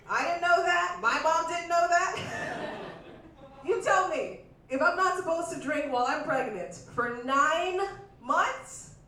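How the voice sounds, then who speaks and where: A woman works a club crowd with a stand-up set, her voice high and bright. She plays with the room and slips into exaggerated voices for the people she quotes. The mic sits some way off, and the club room rings with strong echo. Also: far from the mic, slight background noise. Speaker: stand-up comedian. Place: comedy club stage. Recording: echoey club room miked from afar. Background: audience laughter.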